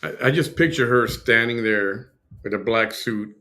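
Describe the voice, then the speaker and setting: A man's voice: medium pitch, moderate pace, sharp tone. A man hosting a livestream, commenting in a mocking, sarcastic way. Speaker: host.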